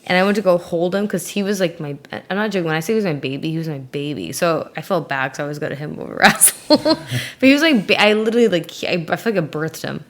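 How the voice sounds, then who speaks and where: A woman's voice: on the low side, fast. A woman as an interview guest, chatting casually in a rambling way, with many fillers and little giggles. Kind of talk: casual chat.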